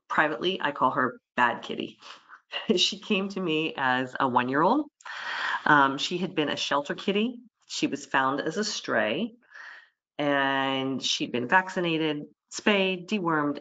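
Bright-voiced woman lecturing a webinar. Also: extremely low pitch, lo-fi sound. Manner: lively, voices the animals' thoughts in quotes. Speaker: veterinarian presenting a webinar.

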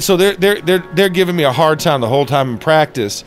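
Animated man telling sports stories. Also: high voice, fast, hardly any pauses, faint music behind. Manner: animated storyteller, acts out quotes loudly. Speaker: interview guest, former football player. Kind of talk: storytelling interview. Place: stadium.

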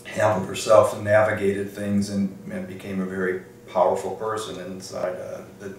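Speaking in a deep, monotone voice at a moderate pace, a retired-age law librarian from Detroit, USA shares career stories in an oral history interview. He thinks aloud, restarting frequently and filling gaps with "um"s. Faint noise and echo come through, since the mic sits far off in a reverberant room.

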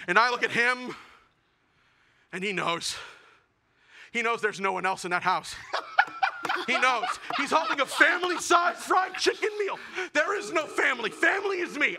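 A young man with a very high, bright voice performs a stand-up comedy set. He tells self-deprecating stories with animated delivery. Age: young adult.

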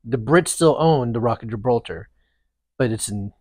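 Male co-host, casual chatty storyteller, average pitch, dry booth sound. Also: normal speed, dry recording. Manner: animated, rambling, restarts often. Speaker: podcast co-host.

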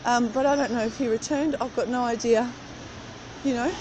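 A middle-aged woman talks into her phone as she walks along a street early in the morning, cold and chatty. Her voice sits a little high, and she drifts loosely from one thought to the next. Clear traffic noise runs behind her. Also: steady tone, normal speed. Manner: chatty, rambling, walking while talking. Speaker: vlogger. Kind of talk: casual chat. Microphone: phone camera held while walking.

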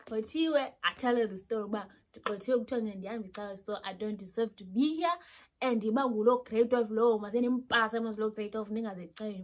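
A young woman from South Africa with a South African accent tells a story in a slightly husky, fairly high voice. Her delivery is animated and casual, and she slips between languages mid-sentence. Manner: animated storytelling, switching between Xhosa and English. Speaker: YouTuber.

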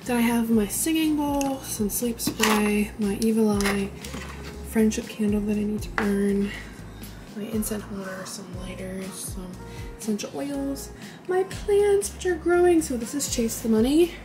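A woman in her early 20s, a college student vlogger, has a fairly high voice and a measured pace. Chatting casually with many "like" fillers, she shows off her small dorm room and says she's winded, with music playing underneath.

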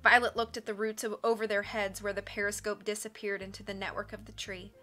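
A woman reading a novel aloud in a measured, expressive storytelling voice. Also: medium pitch, faint music behind. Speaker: audiobook reader on a stream. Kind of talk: dramatic audiobook narration.

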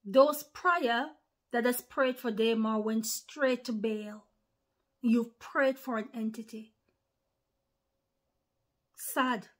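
A woman's voice: a little high, steady tone, takes it slowly, pauses often. Earnest woman preaching to online followers. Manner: earnest, repetitive, addresses listeners as brothers and sisters. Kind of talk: informal spoken sermon to online followers.

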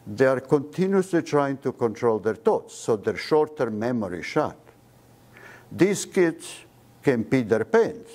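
A man's voice: medium pitch, a little slow. Emphatic man lecturing on medicine. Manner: animated lecturer, drops articles, leans on key words. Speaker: physician giving a seminar talk. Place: seminar room before an audience.

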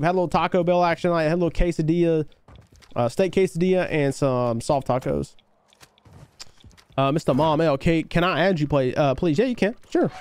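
A man live-streaming a game, chatting casually with his viewers and hyping up shout-outs to chat. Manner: hyped shout-outs to chat, voice jumping high on greetings; laid-back, easygoing talk between shout-outs.

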